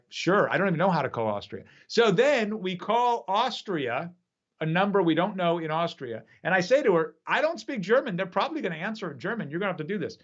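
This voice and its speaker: A man who performs magic, telling an animated story in a casual chat over a video call from his home studio. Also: on the high side, muffled recording. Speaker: magician and app creator.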